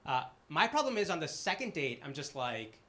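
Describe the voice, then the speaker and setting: A young man from the Boston area doing a stand-up set on a live stage, with a halting, filler-heavy delivery and dry, self-deprecating punchlines. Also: a little high, sing-song, a bit bright. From Boston area, Massachusetts. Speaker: stand-up comedian. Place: live comedy stage with an audience.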